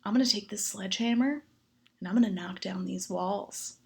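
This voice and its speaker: A woman's voice: moderate pace, lightly acted. A woman voicing a man who talks home renovation in a seductive murmur. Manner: low, breathy, seductive murmur. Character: husky-voiced man, a renovation-loving suitor.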